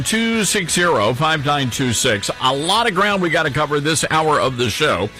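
A man's voice: a little high, sharp tone. A middle-aged man hosting a conservative talk radio show from a studio, sarcastic and mocking. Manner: sarcastic, mocking asides with chuckles. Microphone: studio microphone.

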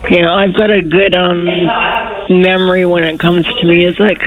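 A woman's voice: fairly low pitch, level tone, moderate pace, crowd noise. A woman calling into a radio show, chatting shyly and casually with the host. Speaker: caller. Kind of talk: casual chat on a radio call-in. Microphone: telephone. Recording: noisy, tinny phone line.

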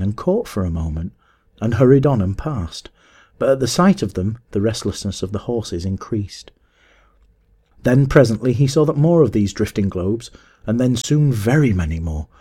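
A man narrating a story in a measured, expressive audiobook reading. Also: medium pitch.

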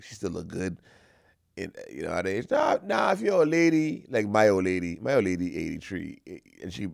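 A young man doing a stand-up comedy routine, animated and slangy, on a stage microphone. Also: fairly low pitch, vocal fry, no room sound, clean studio sound. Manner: animated, repetitive, slangy storytelling.

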